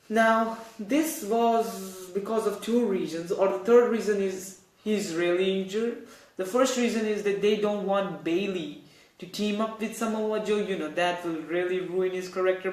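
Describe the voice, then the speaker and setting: A man's voice: high-pitched, reverberant, low-quality recording. A man hosting a casual wrestling news show, rambling and correcting himself as he talks. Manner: rambling, self-correcting, animated. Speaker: host.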